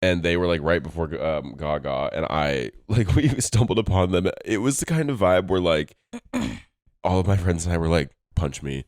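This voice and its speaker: A young man co-hosting a casual podcast chat, animated and laughing often as he tells stories. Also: moderate pace, dry recording, clean studio sound. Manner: animated, laughs often, jumps into high-pitched squeals when retelling stories. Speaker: podcast co-host.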